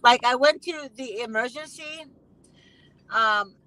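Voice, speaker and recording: A woman's voice: fairly high pitch, takes it slowly, bright, forceful tone, low-quality recording. A woman hosting a casual conversation, speaking emphatically and repeating phrases with indignation. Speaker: host.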